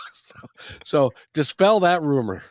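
A man's voice: on the high side, no room sound, studio quality. A man hosting a podcast, asking questions in casual chat and laughing often. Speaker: podcast host.

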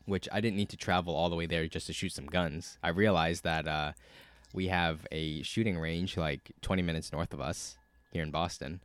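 Profane, animated man, low voice. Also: normal speed, dry recording. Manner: profane, animated, many fillers. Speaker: podcast co-host. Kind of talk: casual chat, storytelling.

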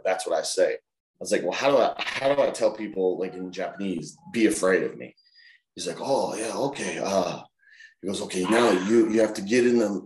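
A man telling animated stories as an interview guest, acting out other people's voices. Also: deep voice, roomy sound. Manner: animated, acts out voices in anecdotes. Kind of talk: casual storytelling in an interview.

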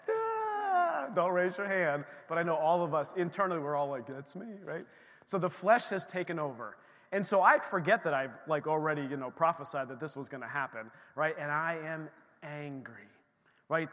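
Animated pastor telling a story in a church hall. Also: male voice, fairly high pitch. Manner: animated storytelling with acted-out quotes. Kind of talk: sermon. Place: church sanctuary. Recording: long hall reverb in a church.

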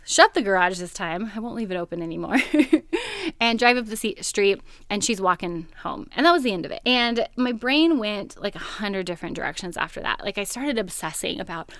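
A woman hosts a podcast, sharing a personal story in a casual, animated way and laughing often. Her voice is medium-pitched and brisk, and the recording is dry.

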